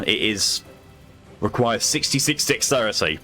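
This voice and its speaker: A man's voice: fairly low pitch, lively intonation, fairly quick, a bit bright, faint music behind. A man chatting casually while streaming a game with friends, joking, swearing and laughing often. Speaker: gamer on a stream. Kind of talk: casual chat while gaming.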